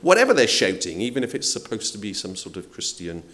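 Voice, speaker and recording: A man's voice: fairly low pitch, sing-song, quick pace, a bit bright. A man preaching a sermon in a conversational way, asking the congregation questions and acting out quotes. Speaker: pastor.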